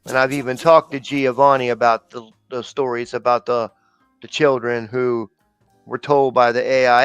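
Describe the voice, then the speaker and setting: A man's voice: mid-range voice, level tone, moderate pace, fairly bright tone, smooth, no room sound, faint music behind. A man co-hosting a casual livestream, talking loosely and rambling with slang and fillers.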